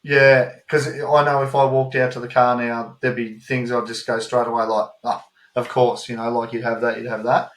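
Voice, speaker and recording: Australian male podcast co-host with a mid-range voice, animated casual storyteller, recorded in an echoey room. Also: medium pitch, normal speed, hardly any pauses. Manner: animated storytelling, swears freely. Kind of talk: casual chat. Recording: roomy echo.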